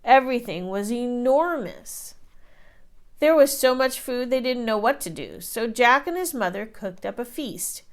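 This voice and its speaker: Expressive woman reading a picture book. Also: fairly high pitch. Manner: expressive, slow storytelling. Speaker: teacher reading to children. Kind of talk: children's book read-aloud.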